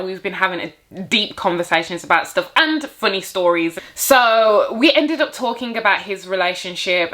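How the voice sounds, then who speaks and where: A young woman vlogger chatting casually to her viewers, telling a dating story and acting out her own reactions with lively exclamations. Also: fairly low pitch.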